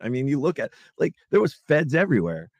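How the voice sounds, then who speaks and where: A man's voice: medium pitch, big pitch swings, quick pace, vocal fry, no echo. A man in casual talk, ranting in a heated, profane, rambling way. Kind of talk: casual political chat.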